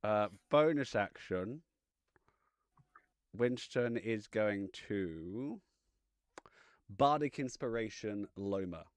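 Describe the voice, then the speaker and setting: A man's voice: on the low side, animated, slow, long pauses, no room sound. A man playing a tabletop game, announcing his character's actions step by step in third person, playful in manner. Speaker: player.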